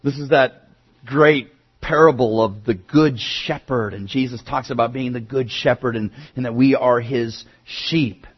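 A male pastor preaching a sermon, moving from quiet asides to emphatic raised declarations. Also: mid-range voice, steady tone, a little slow, slightly rough, lo-fi sound.

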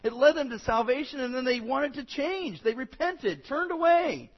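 A man preaching a sermon as pastor, animated and acting out quoted voices, with a husky voice. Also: extremely high pitch, moderate pace, muffled recording.

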